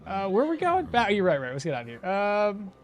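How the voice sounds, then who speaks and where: A gameplay streamer gives casual commentary, chatting with viewers, reading out chat and laughing at their own jokes. The mid-range voice swoops wildly in pitch at a fairly quick pace, with faint music behind.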